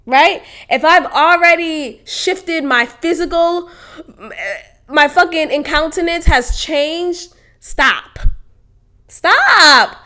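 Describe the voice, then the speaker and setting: A woman's voice: extremely high pitch, fairly even intonation, slow pace, sharp tone. A young woman hosting a podcast, telling a workplace story casually and candidly, swearing freely and laughing as she goes. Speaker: podcast host.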